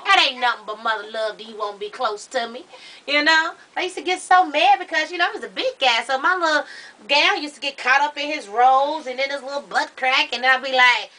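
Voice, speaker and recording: A woman's voice: high-pitched, a little fast. Cousin Patches, a woman doing a sassy, brassy matriarch. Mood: sassy, boastful. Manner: loud, sassy, drawling storyteller. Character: brash, boastful middle-aged woman, a family matriarch. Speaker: comedy character host. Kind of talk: improvised comedy chat.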